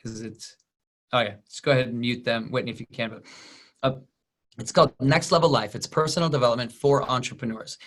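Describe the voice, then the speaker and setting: Energetic man coaching on a video call. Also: mid-range voice, a little fast. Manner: energetic storyteller, acts out quoted voices. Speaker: business coach and speaker. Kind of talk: motivational talk on a group video call.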